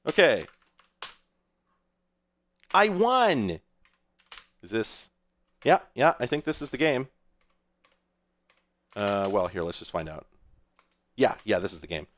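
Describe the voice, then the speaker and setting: A man's voice: fairly low pitch, big pitch swings, slow pace, pauses often, fairly bright tone. A man streaming live, rambling and sarcastic, who swears and laughs at his own troubles. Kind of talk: casual livestream commentary.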